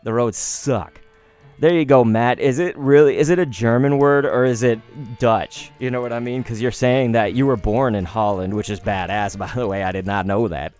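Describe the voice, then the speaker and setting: A man in his thirties chatting casually on a card-opening live stream, rambling between stories and bursting into excited outbursts. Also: medium pitch.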